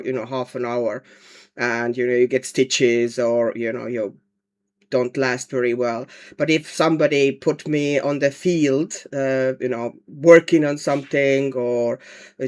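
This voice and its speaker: An Estonian woman livestreams from home, colouring while chatting casually and answering viewer comments. Her voice sits low and is a little mellow.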